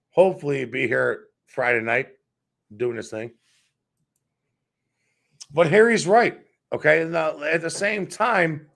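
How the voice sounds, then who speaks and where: A gravelly-voiced man rants as a sports talk host. His pitch swings widely as he hammers his points again and again, and he swears freely. His voice sits a little higher than most men's. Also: a bit bright. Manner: heated, profane, repetitive ranting.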